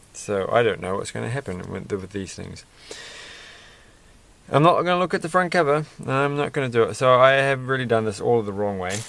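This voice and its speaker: Lego vlogger man, gravelly low register, musing running commentary while he builds. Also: fairly bright tone, slight background noise. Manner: rambling, musing, self-deprecating.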